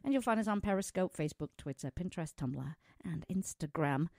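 Laughing, chatty woman radio host, low voice. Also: expressive, a little fast, creaky, darkish tone, no echo, studio quality. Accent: foreign accent. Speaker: pet radio show host. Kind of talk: casual radio chat. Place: small studio.

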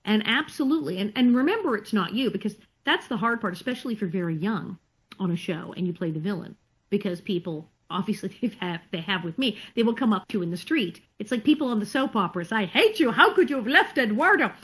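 A woman actress chatting in an interview over a video call, telling animated stories with laughter. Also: mid-range voice, quick pace, breathy edge, low-quality recording. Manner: animated, laughing, acts out quotes. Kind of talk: casual storytelling interview.

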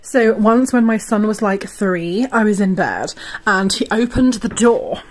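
A mother telling an animated, dramatic story in a casual way. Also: medium pitch, unhurried.

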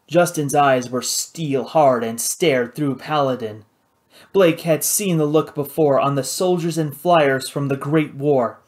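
Guy narrating an audiobook, steady and measured, slightly high voice. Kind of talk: scripted narration.

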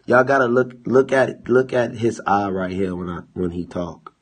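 A man's voice: fairly low pitch, breathy edge. A man hosting a casual livestream, mocking and profane, drawing out his words. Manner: profane, mocking, drawn-out delivery. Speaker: livestream host.

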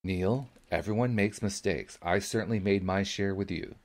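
A man reading the part of an older woman, a gentle, wise grandmother who calmly reassures a boy. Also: sits low, moderate pace, natural voice. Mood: urging. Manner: calm, patient, reassuring.

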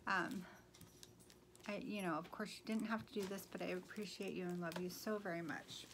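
A woman's voice: fairly low pitch, steady tone, moderate pace, noisy background. A woman vlogger chatting casually to her viewers, gushing and full of "um"s. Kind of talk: casual haul chat.

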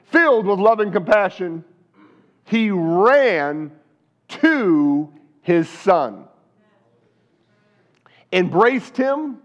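A man's voice: sits high, lively intonation, very slow. A male pastor preaching a sermon, telling a story with animation and asking the congregation questions.

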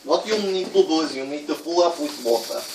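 A man's voice: fairly high pitch, fast talker, roomy sound, recorded from a distance, background noise, lightly acted. A man in a put-on Russian accent hosting a joking cooking tutorial in broken English. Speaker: host of a joke cooking tutorial.

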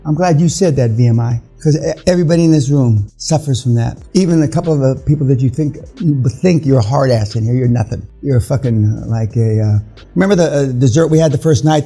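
A man's voice: medium pitch, warm tone. A man in his seventies giving a blunt, crude and confrontational seminar talk to a room of people, with many fillers. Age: 70s. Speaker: seminar speaker. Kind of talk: profane motivational seminar talk.

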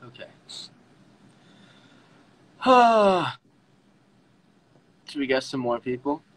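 A young man hosting a casual livestream, emotional and laughing, talking in halting restarts. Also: medium pitch, bright, forceful tone, poor audio. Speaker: livestream host.

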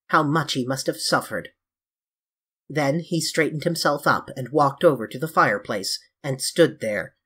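A reader narrating a classic novel in a measured, even storytelling manner. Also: mid-range voice, slightly rough. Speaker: audiobook narrator. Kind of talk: classic novel audiobook reading.

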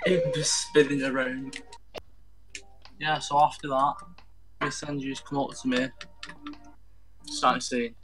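A man's voice: mid-range voice, little pitch movement, slow pace, pauses often, fairly bright tone. Rambling man telling stories while gaming. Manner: rambling storyteller acting out quoted voices. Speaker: gamer. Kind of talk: casual chat while gaming.

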